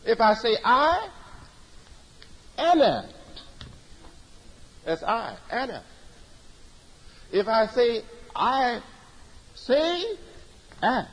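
A man's voice: very high voice, big pitch swings, very slow, pauses often, fairly bright tone, big-room sound, poor audio. A man giving a sermon-style religious lecture, emphatic and repetitive in his preaching cadence. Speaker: religious teacher.

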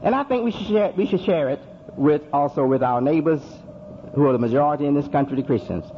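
Guy giving a sermon, kinda high voice, keeps repeating lines, dull lo-fi tape w faint hiss. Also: animated, quick pace. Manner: rhetorical questions and emphatic repetition. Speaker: Muslim preacher. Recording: dull lo-fi recording with faint noise.

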